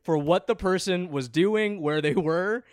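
A man's voice: high-pitched, measured pace. A man hosting a podcast in loose, profane, joking banter with his co-host. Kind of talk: casual chat.

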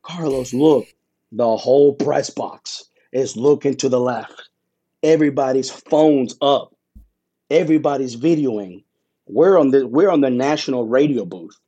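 A man being interviewed recounts his story in a warm, mellow, medium-pitched voice that's slightly rough and never bright. He grows animated and emotional, calling it like a sportscaster with punchy lines and dramatic pauses.

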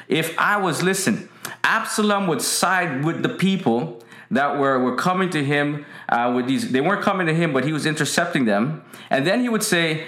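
A man's voice: on the high side, lively intonation, normal speed, fairly bright tone. A man preaching a casual, emphatic sermon to an online audience, repeating his key lines and greeting viewers by name. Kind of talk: livestream sermon. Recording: roomy echo.

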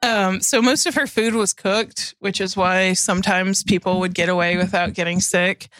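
A woman's voice: mid-range voice, steady tone, moderate pace, fairly bright tone, no echo. A woman co-hosting a podcast, telling a history story in casual chat, giggling often and swearing casually. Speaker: podcast co-host.

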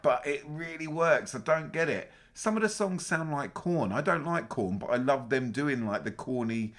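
A man co-hosting a casual podcast chat, sweary, teasing and animated. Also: medium pitch, normal speed. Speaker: podcast co-host.

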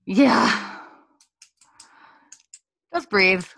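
A woman's voice: mid-range voice, drawn-out words, gravelly, a bit bright. A woman co-hosting a casual podcast, animatedly retelling a TV episode and acting out its dialogue, full of "like" and "um". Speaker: podcast co-host recapping a TV episode. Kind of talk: casual chat.

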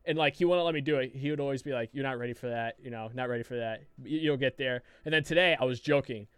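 Smooth-voiced man telling a rambling story. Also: mid-range voice, quick pace, a bit bright, no echo. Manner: rambling, profane storytelling with many restarts. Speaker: podcast co-host. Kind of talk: casual podcast chat.

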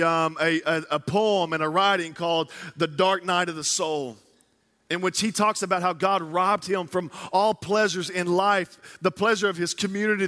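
A man preaching a sermon in a large church hall, telling stories with animated, casual slang. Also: a little high. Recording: long hall reverb.

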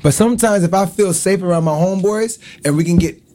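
A middle-aged man in casual chat, animated and laughing often, acting out loud quotes. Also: high-pitched, quick pace.

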